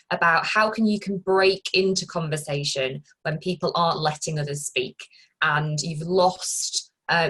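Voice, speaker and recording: A woman moderating a webinar over a video call, thanking the speaker and reading out audience questions in a brisk, appreciative way. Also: low voice, fairly bright tone, slightly rough, poor audio.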